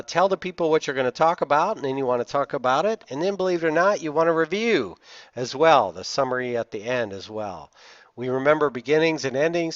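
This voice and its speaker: A Southern man from the United States, with a Southern accent and a mid-range voice, lectures over slides as an instructor, stressing key words emphatically and saying "uh" often. The recording is dull, dry, lo-fi, with no echo.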